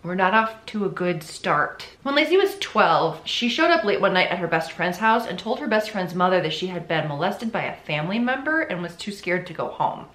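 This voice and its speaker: A woman's voice: lowish voice, big pitch swings, brisk, few pauses, fairly bright tone. A young woman host telling a true-crime story in a casual, chatty way, full of "like" and sarcastic asides. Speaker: podcast host. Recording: roomy echo.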